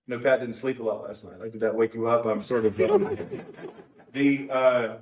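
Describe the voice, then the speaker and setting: A mid-pitched man preaches in a loose, conversational way, wandering into asides and correcting himself as he goes. He is picked up from some distance, with the room's echo around his voice. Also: steady tone, moderate pace. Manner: rambling, with asides and self-corrections. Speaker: pastor. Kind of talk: conversational sermon. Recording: roomy, distant mic.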